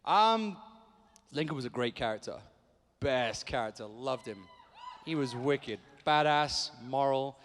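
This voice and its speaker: A man's voice: medium pitch, unhurried, long reverb tail. A man in his thirties, a convention panel guest telling jokey stories and acting out what people said. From England. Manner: animated storyteller, jokey, acts out quotes.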